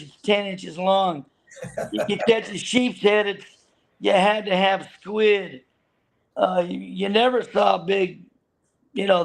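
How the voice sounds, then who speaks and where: A man's voice: sits high, creaky. A man telling a long, rambling story about his fishing boat days, full of restarts and laughter. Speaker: guest, veteran fishing boat deckhand. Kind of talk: casual storytelling chat.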